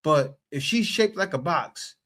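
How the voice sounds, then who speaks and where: A man giving a reaction who reasons aloud in a measured way, with pauses between thoughts. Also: on the high side, lively intonation, fairly bright tone. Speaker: commentator. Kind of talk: reaction commentary.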